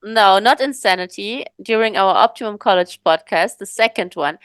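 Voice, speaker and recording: A woman's voice: mid-range voice, normal speed, dry recording. A woman co-hosting a podcast in casual chat, thoughtful and rambling, with many fillers and restarts. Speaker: podcast co-host.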